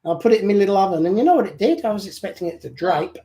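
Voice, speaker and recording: A man's voice: high-pitched, big pitch swings, racing, warm tone, rough recording. Joking British man chatting on a live stream. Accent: British with some Australian. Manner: joking, reads viewer comments aloud. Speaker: co-host of a live chat. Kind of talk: casual live-stream chat.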